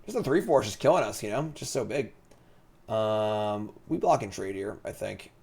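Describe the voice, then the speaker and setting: A man streaming a digital card game, thinking aloud in a relaxed, chatty commentary. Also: fairly low pitch, normal speed, creaky, husky.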